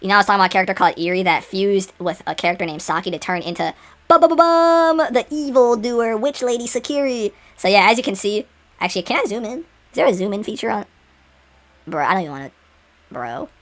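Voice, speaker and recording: A young adult woman vlogging in an unscripted casual chat, rambling with many fillers and restarts and sudden excited jumps in pitch. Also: rapid-fire.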